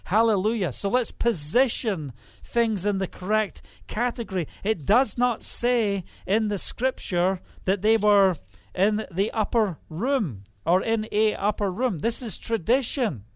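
A man delivers a sermon in a high voice, throwing rhetorical questions at his listeners. The sound is dry and close, with no room echo. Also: a little slow. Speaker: preacher.

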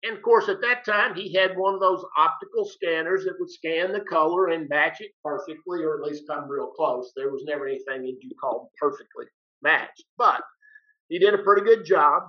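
A man's voice: fairly high pitch, normal speed. Older man spinning a folksy yarn, dull lo-fi recording. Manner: folksy, plain-spoken, acts out both sides of each exchange. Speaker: retired teacher telling a story. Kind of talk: casual storytelling.

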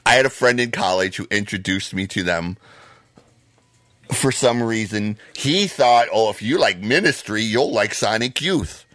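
A man co-hosting a podcast, ranting in a heated, profane way and breaking into loud shouts. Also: fairly low pitch, expressive, a little slow, no room sound. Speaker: podcast co-host.

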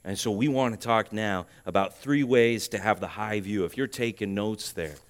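A man preaching a sermon, his voice swelling loud and high at emphatic points and then dropping to a quiet, urging tone. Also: moderate pace. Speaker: pastor.

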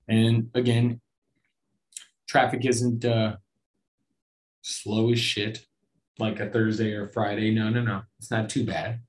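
A man's voice: medium pitch, slight background noise. A man hosting a casual solo podcast, rambling and self-deprecating, swearing often and restarting his sentences. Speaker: podcast host.

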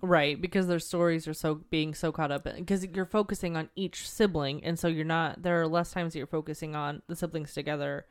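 Smooth low-voiced young woman chatting. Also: brisk, hardly any pauses. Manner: emphatic, gushing, animated opinions. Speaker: podcast co-host. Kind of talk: casual chat.

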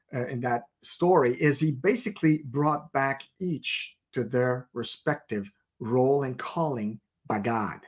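A middle-aged man preaching a sermon, telling a story and acting out the people in it with lively voices. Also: mid-range voice. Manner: animated storyteller acting out characters.

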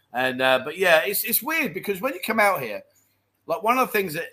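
Jokey bright-voiced man. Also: on the high side. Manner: jokey, laughs often, calls people mate. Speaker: live chat show host reading viewer comments. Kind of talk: casual live-stream chat.

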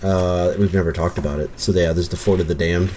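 A man's voice: low voice, steady tone, fairly quick, warm tone, slight background noise. A man co-hosting a casual podcast, rambling and restarting his sentences as he talks. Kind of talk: casual chat.

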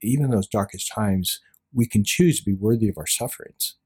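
A man's voice: on the low side, brisk, a little mellow, husky. A man speaking as an interview guest, talking earnestly and often dropping to a near-whisper. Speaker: guest author. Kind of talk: reflective interview talk.

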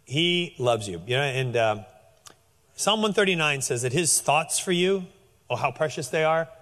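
Lively, animated man preaching. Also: on the high side, normal speed, big-room sound. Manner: animated, conversational, with frequent restarts. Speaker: pastor. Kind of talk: sermon.

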